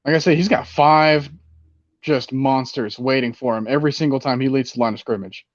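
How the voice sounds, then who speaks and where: A man's voice: medium pitch, a little fast, no room sound. Male sports podcaster: casual, rambling, muffled dry home mic. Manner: rambling, animated, with many fillers. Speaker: fantasy football podcast host.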